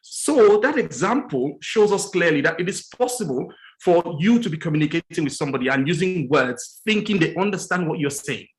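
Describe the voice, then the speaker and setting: As a guest on a religious morning show, a man gives an earnest teaching talk on relationships, slowing down to stress key words and repeating his points. He acts out quoted dialogue with lively jumps in pitch. The audio quality is poor.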